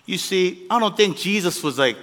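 A male pastor preaches a sermon with animated delivery, swinging between loud peaks and quiet asides. His voice is high and moderately paced, and the recording carries the long reverb of a large hall.

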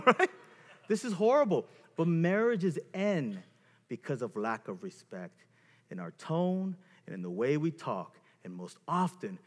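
A man giving a seminar talk to couples on marriage, speaking in an emphatic way and acting out examples. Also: medium pitch. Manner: animated, emphatic, acts out examples. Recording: long hall reverb.

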